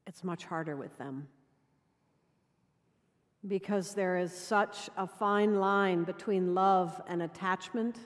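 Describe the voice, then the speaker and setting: A woman dean preaching a sermon in measured storytelling, sometimes dropping to quiet intimacy. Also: mid-range voice. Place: cathedral. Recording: long cathedral reverb.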